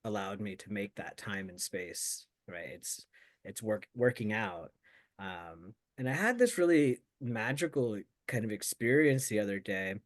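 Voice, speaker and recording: Rambling, reflective man with a lively voice. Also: on the low side, unhurried. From United States. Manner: rambling, reflective, lots of fillers. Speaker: co-host of a Buddhist talk show. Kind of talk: casual chat.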